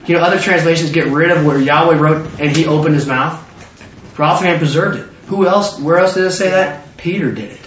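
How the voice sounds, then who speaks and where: Animated high-voiced male preacher, roomy hall. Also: brisk, a little hiss or hum. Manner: animated, acts out biblical figures in excited voices. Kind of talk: sermon. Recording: roomy, distant, dull lo-fi sound.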